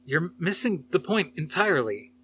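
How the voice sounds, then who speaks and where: A man's voice: a little high, big pitch swings, moderate pace, bright, forceful tone, a little hiss or hum, voice pushed up. A man reading aloud, voicing a combative male scholar who lectures with pointed sarcasm. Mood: defensive.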